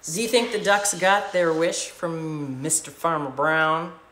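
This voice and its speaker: A fairly low-pitched woman chatting cheerfully with kids as co-host of a storytime stream. Her questions come bright and friendly, and the sound is echoey with faint noise behind it. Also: fairly even intonation, a little slow. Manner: chatty, cheery asides and questions to young viewers. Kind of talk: children's livestream co-hosting.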